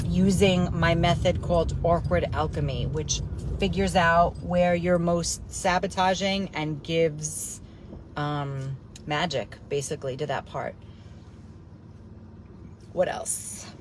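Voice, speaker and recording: Blunt, excitable woman coach chatting. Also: lowish voice, noisy background. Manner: blunt and swearing, excitable, goes off on tangents. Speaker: host, coach. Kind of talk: casual live-stream chat.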